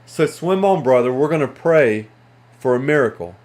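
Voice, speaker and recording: A man's voice: mid-range voice, animated, normal speed, a little mellow, close to an everyday voice. Brief: stubborn, hopeful older male frog urging his brother on, read by a man in his own voice.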